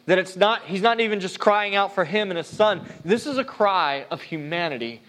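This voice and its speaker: High-voiced earnest preacher man. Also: lively intonation, moderate pace, fairly bright tone. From United States. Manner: earnest, conversational preaching with frequent restarts. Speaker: pastor. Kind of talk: sermon.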